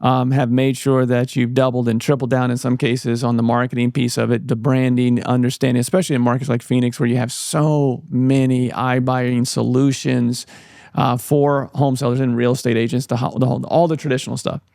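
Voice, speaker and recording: A man hosting a podcast interview, summarizing points in a measured way with filler pauses. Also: medium pitch, little pitch movement, creaky, darkish tone, no echo, studio quality. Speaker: podcast host.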